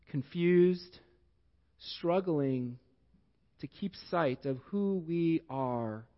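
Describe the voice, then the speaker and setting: Male pastor, fairly high voice, slow deliberate sermon, reverberant church, lo-fi. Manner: slow, deliberate storytelling with long pauses. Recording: echoey hall, dull lo-fi sound.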